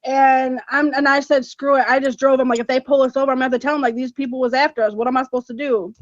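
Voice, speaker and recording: A woman with a high voice tells a story on a podcast, animated and emphatic, laughing as she goes. The sound is dry and a bit dull. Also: quick pace, no echo. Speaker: podcast co-host. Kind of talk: casual storytelling chat. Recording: dull, slightly muffled podcast audio.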